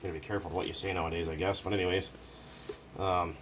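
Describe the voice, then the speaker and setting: A man's voice: deep voice, level tone, quick pace, fairly bright tone, slight background noise. A man chatting casually and jokingly while working at his bench, rambling and swearing now and then. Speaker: hobbyist video maker. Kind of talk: casual workshop chat.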